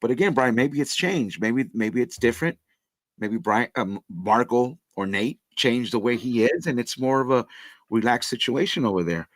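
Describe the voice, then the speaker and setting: A man's voice: medium pitch, expressive, moderate pace, no echo. A man on a casual podcast, blunt and repetitive, calling people bro as he makes his points. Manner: blunt, repeats points, says bro a lot. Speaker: co-host.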